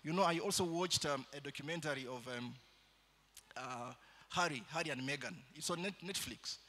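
A man preaching a sermon in church, shifting between loud calls to the congregation and quieter storytelling. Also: on the high side, normal speed.

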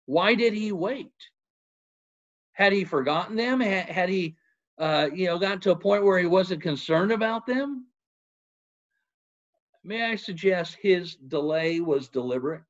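A man's voice: sits high, dull audio. A man preaching a sermon in an earnest manner, asking rhetorical questions and citing scripture.

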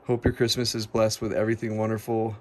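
A man's voice: fairly low pitch, completely flat delivery, quick pace, a little hiss or hum. Stammering emotional man vlogging. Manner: emotional, voice breaking with gratitude; stammering, repeating words. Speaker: vlogger opening viewer gifts. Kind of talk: casual to-camera vlog.

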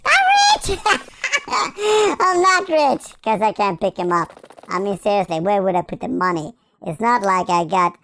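A man doing a squeaky cheeky baby hedgehog. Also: background noise, full character voice. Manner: goofy, silly rhymes and nonsense words. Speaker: game player. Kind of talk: playful gameplay commentary in character.

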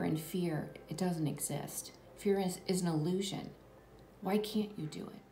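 A woman giving a spiritual tarot reading to her viewers, soft and reassuring, often dropping to a whisper. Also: fairly low pitch. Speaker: tarot reader. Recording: echoey room, distant mic, background noise.

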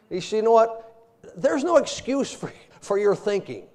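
A man preaching a sermon with humor, telling everyday stories, laughing often and quoting old-fashioned scripture. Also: sits high. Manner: humorous, animated storytelling with frequent laughter.

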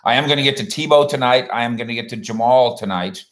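A man's voice: medium pitch, fast talker, fairly bright tone. A man hosting a sports livestream in a rambling, folksy way, chatting casually and reading out viewer comments.

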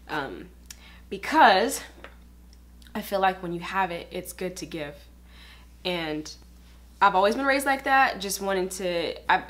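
Woman beauty vlogger, slightly low voice, rambling, filler-heavy, sincere and emotional. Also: fairly bright tone. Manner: earnest and openly emotional. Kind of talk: casual get-ready-with-me chat.

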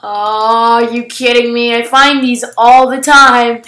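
Woman game commentator, high bright voice, excitable, unhurried, echoey room. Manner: excitable, shrieks and gasps at surprises. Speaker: gaming channel host. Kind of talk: casual gameplay commentary.

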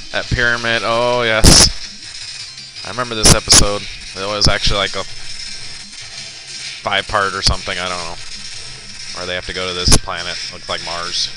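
Profane rambling young man over loud game music. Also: low voice, rough recording. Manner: rambling, profane, swears often when losing. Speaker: let's player. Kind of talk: casual gameplay commentary. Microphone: boosted computer mic with crackling audio.

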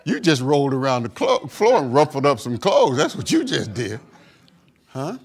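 A man's voice: mid-range voice, big pitch swings, normal speed, breathy edge. A man preaching a sermon as pastor, emphatic, with call-and-response asides and acted-out voices of doubters. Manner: acts out quoted voices of doubters.

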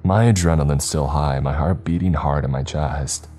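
A man reading a scripted horror story in a slow, measured way. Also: extremely low pitch, dark tone, soft background music.

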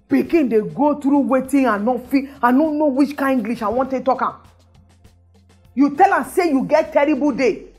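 A woman's voice: high voice, brisk, soft background music. A woman speaking with a Nigerian Pidgin accent, hosting a social commentary monologue, emphatic and exclamatory, full of rhetorical questions. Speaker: show host.

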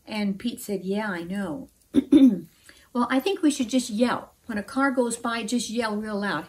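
A woman telling a children's Bible story aloud, asking her listeners questions and acting out the characters' shouts. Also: mid-range voice, a little slow, rough recording.

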